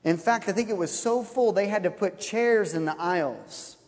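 Guy preaching w a high voice, lively storyteller, long hall echo. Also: normal speed. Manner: animated, laughing while telling a story. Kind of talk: sermon storytelling.

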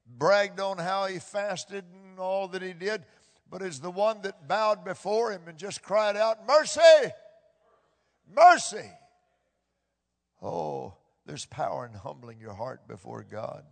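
A man with a high voice preaches a sermon, his delivery impassioned and swinging between hushed tones and loud bursts. He drives points home by repeating phrases. His voice rings with a long reverb, as in a large hall.

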